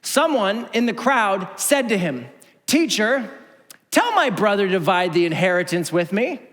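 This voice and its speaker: A man with a notably high voice delivers a sermon in a church auditorium. He tells the story in an animated way, acting out each speaker and dropping from full volume to a hush. The long reverb of the hall trails after every phrase. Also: moderate pace. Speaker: pastor.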